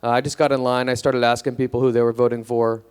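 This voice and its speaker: A young male comedian talks into a stage mic in a club, deadpan and a little hesitant. His voice is smooth and clear, at a middling pitch. He pokes fun at himself with a shrugging delivery. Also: fast. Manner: deadpan, self-deprecating, hesitant with fillers. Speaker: stand-up comedian. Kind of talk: stand-up comedy set.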